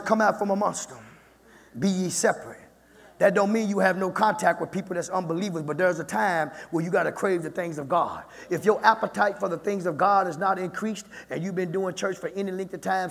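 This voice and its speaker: A male pastor preaching a sermon whose talk climbs to loud shouts, recorded in a church sanctuary. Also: high voice, a little fast, creaky, long reverb tail.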